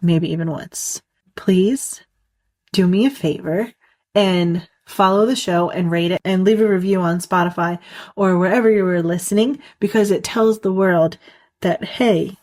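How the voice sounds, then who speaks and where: A woman's voice: on the low side, darkish tone, no echo. Rambling, giggly woman podcaster, dry close mic. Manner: rambling, giggly, many "like" fillers. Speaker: podcast host. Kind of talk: casual solo podcast monologue.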